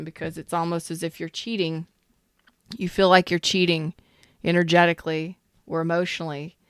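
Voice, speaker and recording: Smooth low-voiced woman reading tarot. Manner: emphatic, repeats herself, talks straight to viewers. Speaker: tarot reader.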